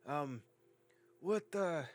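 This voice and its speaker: A man voicing a gruff, excitable male dwarf strongman in a tabletop game, shouting frantic exclamations. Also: a little high, drawn-out words, soft background music, voice pushed up. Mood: delighted.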